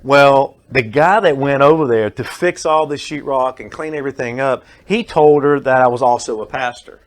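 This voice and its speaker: A man's voice: medium pitch, normal speed. A man with an ordinary mid-range voice, talking as a guest in a radio studio. He tells his story earnestly and acts out the people he quotes, his tone plain and sincere. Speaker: guest, pest control worker and pastor. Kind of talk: casual radio chat, telling a story.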